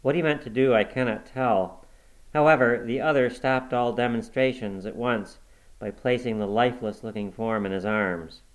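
A man reading a classic novel aloud in a measured, dramatic first-person narration. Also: mid-range voice, low-quality recording. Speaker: audiobook reader.

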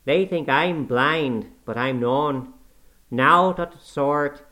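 A man's voice: on the high side, pitched above the performer's own voice. A man doing a cranky old servant. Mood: spiteful. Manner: slow, loud, preachy ranting. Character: cantankerous old male servant, pious and scolding.

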